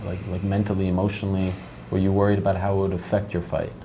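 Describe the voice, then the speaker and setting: Interviewer, male, rapid questions, dark low tone, faint noise, a bit off-mic. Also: monotone, rough recording. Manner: short, quick questions. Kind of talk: casual interview.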